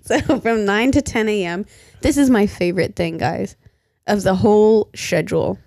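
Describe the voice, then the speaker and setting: Giggly gravelly-voiced woman chatting. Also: mid-range voice, normal speed, a little mellow, no room sound, clean studio sound. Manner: giggly, easily amused, repeats her list. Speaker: podcast co-host. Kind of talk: casual chat.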